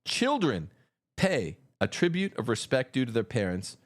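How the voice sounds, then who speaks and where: Male livestream host, combative and mocking, lively swinging pitch. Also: normal speed. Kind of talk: livestream commentary.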